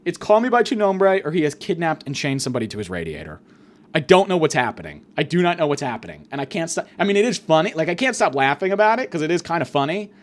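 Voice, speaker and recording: A man's voice: a little high, very animated, fast. A young man telling a crude, rambling comic story as a podcast host.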